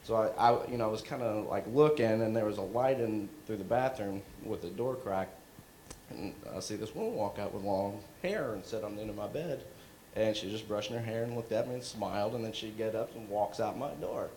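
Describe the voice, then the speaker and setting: Low-voiced man telling stories on a panel. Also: a little mellow, echoey room, a little hiss or hum, low-quality recording. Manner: rambling, halting, chuckles often. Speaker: filmmaker at a premiere Q&A. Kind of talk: casual storytelling on a panel. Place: venue at a film premiere.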